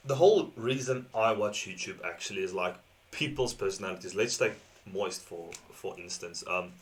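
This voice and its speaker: A South African man with a South African accent hosts a reaction video, offering rambling, casual commentary and laughing often between thoughts. He speaks in a deep voice at a moderate pace.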